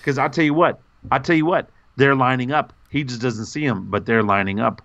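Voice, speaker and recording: Male podcast co-host, enthusiastic and effusive, average pitch, dull lo-fi recording. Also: a little fast. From North Carolina, USA. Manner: gushing, animated, pitch jumps when excited. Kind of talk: casual podcast chat.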